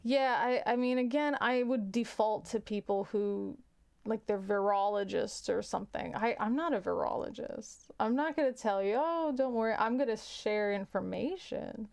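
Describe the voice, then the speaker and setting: A woman's voice: mid-range voice, moderate pace, vocal fry, a little mellow. A woman hosting a casual livestream, chatting frankly with viewers and often restarting her sentences. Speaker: livestream host.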